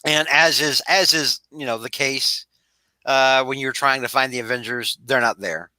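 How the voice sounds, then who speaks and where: A man's voice: medium pitch, moderate pace, sharp tone, no echo, poor audio. A man hosting a casual podcast chat, rambling with many restarts and laughing at his own jokes. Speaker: podcast host.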